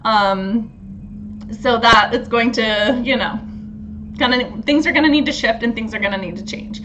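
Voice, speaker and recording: A woman hosting a casual astrology talk, animated, laughing often and swearing freely. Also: a little high, moderate pace, lo-fi sound, noisy background. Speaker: astrology host.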